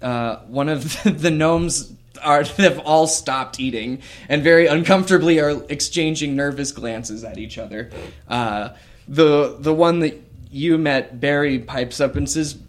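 Laid-back guy running a tabletop game, slow and halting, lots of ums. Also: on the high side. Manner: relaxed and halting, with many fillers. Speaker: game master.

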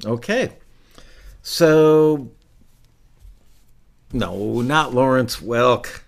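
Man, host, casual music talk, unhurried, rambling, thinks out loud. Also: mid-range voice, vocal fry. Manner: relaxed, rambling, thinking aloud with fillers. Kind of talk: casual livestream chat about music.

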